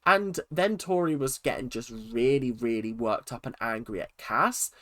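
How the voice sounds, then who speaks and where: A man delivering an animated, exasperated reaction vlog about a reality TV show, reviewing it as a regular YouTuber. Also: medium pitch, moderate pace, no room sound. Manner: animated, exasperated, mocking impressions.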